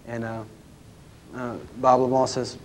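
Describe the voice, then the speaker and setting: A man's voice: medium pitch, completely flat delivery, measured pace, a little hiss or hum. A man, a historian telling anecdotes in a lecture, in a folksy way with frequent restarts. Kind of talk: storytelling lecture. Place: lecture room at a history roundtable.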